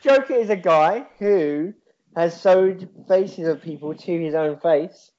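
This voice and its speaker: Rambling, swearing podcast co-host. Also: male voice, sits high, slow, a little mellow, lo-fi sound. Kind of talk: casual chat.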